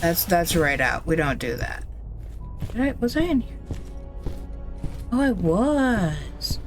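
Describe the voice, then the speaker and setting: A woman's voice: fairly low pitch, sing-song, normal speed, soft background music. A woman streaming a video game, commenting casually in a blunt, opinionated way with plenty of swearing.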